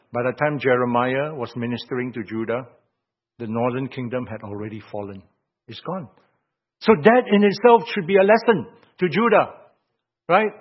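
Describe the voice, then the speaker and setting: A man preaching an expository sermon, reading scripture aloud in King James wording and swinging between loud emphatic phrases and quiet asides. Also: mid-range voice. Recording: dull lo-fi sound.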